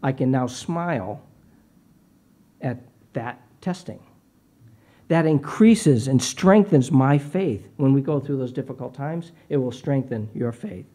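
A man's voice: mid-range voice, animated, measured pace, dark tone. A middle-aged man preaching a sermon, earnest and personal, often repeating words as he starts a phrase. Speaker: pastor.

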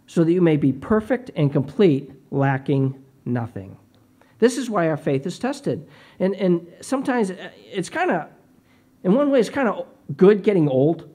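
A man's voice: sits high, warm tone. A middle-aged man preaching a sermon, earnest and personal, often repeating words as he starts a phrase. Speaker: pastor.

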